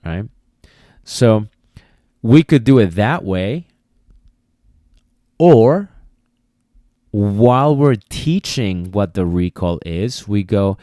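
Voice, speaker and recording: On a podcast mic, a man hosts a show about dog training, explaining things casually, repeating himself and sometimes acting out commands. His lowish voice is animated and mellow, slow with long pauses. The sound is dry and studio quality.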